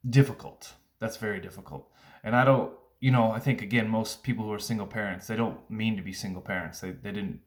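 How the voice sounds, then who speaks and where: Earnest low-voiced man, halting talk. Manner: earnest, halting, with many fillers and restarts. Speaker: single father vlogger. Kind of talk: casual reflective vlog monologue.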